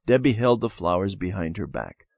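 Man reading a children's lesson, lively pitch. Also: creaky, no room sound, clean studio sound. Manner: measured storybook reading. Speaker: reader. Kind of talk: scripted narration of a children's lesson.

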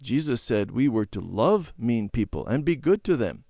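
A man voicing a bright, eager little girl in a children's storybook reading. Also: medium pitch, normal speed, vocal fry, no echo, studio quality. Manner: excited, chirpy.

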